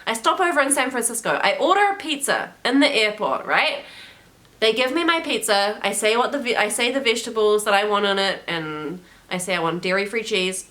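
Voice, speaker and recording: A woman's voice: mid-range voice, animated, brisk, bright, forceful tone. A young woman with a New Zealand accent, chatting casually and animatedly in a vlog, with lots of fillers. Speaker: travel vlogger.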